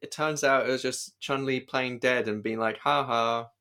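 A man's voice: mid-range voice, fairly even intonation, moderate pace, a bit bright. A man co-hosting a podcast in casual chat, hesitant, with many restarts. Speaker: podcast co-host.

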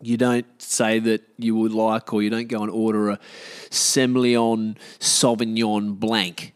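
A man's voice: on the low side, completely flat delivery, moderate pace, a little mellow, smooth. A man with an Australian accent, talking casually in a rambling, self-deprecating way with many fillers and restarts. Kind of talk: casual monologue.

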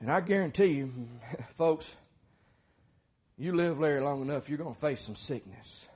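A middle-aged man preaching a sermon, moving from quiet talk to fervent shouting. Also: a little high, unhurried, breathy edge.

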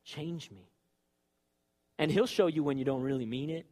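A man preaching a sermon with fervor, moving from loud exhortation to quiet, confessional talk. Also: fairly high pitch, fast.

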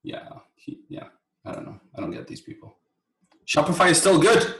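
A man co-hosting a podcast in casual chat, reflective and halting, often repeating his words. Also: fairly high pitch, very animated, a bit bright. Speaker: podcast co-host. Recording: roomy echo.

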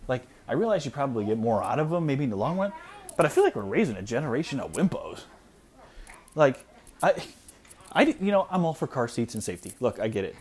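Thirties male podcast host, mid-pitched, very lively intonation, blunt exasperated ranter. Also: fast talker, slight background noise. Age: 30s. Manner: blunt, exasperated ranting with frequent "like" fillers. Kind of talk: solo ranting podcast. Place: at home with small children nearby.

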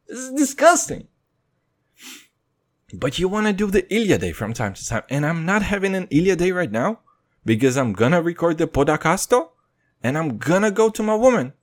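A young man hosting his podcast in a rambling, profane monologue, swinging between loud and quiet. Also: on the high side. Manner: rambling, swearing, jumps between loud and quiet, mock voices and singing. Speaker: podcast host.

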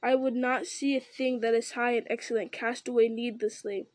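A woman's voice: a little high, fairly even intonation, moderate pace, darkish tone, dry recording, close to an everyday voice. A woman reading as a proud, bitter shield maiden. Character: proud young noblewoman warrior, bitter and restless.

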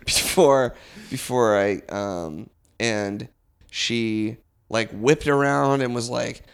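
Halting gravelly man telling a story. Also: medium pitch. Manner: hesitant, halting, many fillers, self-mocking. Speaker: podcast co-host. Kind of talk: storytelling podcast chat. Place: apartment.

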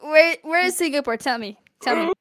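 A woman's voice: high voice, expressive, fairly quick, fairly bright tone. A woman in a casual chat among friends, teasing and giggly.

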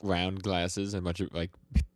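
Low-voiced man, hesitant casual chat. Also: little pitch movement, moderate pace, dry recording. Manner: hesitant, lots of fillers. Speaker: podcast co-host.

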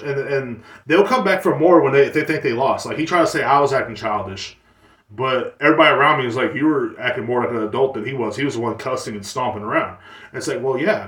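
A man's voice: medium pitch, fairly bright tone. A man hosting a podcast, talking in a rambling, boastful and crude way with many fillers and restarts. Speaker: podcast host. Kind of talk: casual monologue podcast. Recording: roomy, distant mic.

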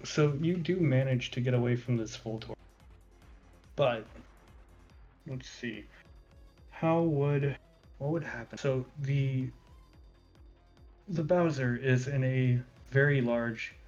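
A man narrating as game master of a tabletop game, in a measured way with many filler pauses. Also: mid-range voice, darkish tone, muffled recording.

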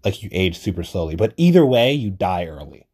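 This young podcast host's deep, husky voice is sing-song and a little mellow, and he talks briskly. He rambles through his solo monologue casually, with frequent swearing and self-deprecating humor.

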